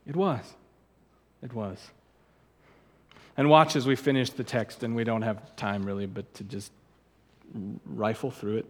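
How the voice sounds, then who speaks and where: A man's voice: mid-range voice, steady tone, a little slow, long pauses, in a large hall. A man preaching a sermon, emphatic and earnest, repeating words as he presses his points and rising to sudden outbursts. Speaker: pastor.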